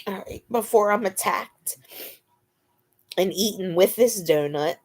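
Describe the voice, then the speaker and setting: A woman's voice: medium pitch, a little slow, darkish tone. A woman hosting a casual live chat, chatting to viewers and cooing to her dog between laughs. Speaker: live stream host.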